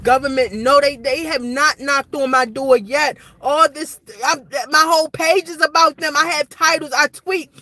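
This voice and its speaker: A woman's voice: high voice, steady tone, normal speed, hardly any pauses, bright, forceful tone, dry recording, poor audio. A woman in her forties recording an impassioned, rambling vlog rant outdoors at night, repeating herself as she talks. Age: 40s. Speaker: vlogger.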